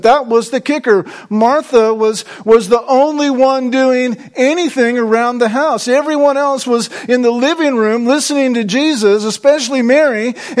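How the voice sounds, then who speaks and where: High-voiced emphatic male preacher. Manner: emphatic, repeats "right?" to draw in listeners. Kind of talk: sermon.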